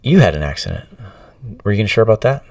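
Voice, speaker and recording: A man hosting a casual family podcast, easygoing and halting with fillers. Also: fairly low pitch, sing-song, darkish tone, dry recording, far from the mic. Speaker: podcast host.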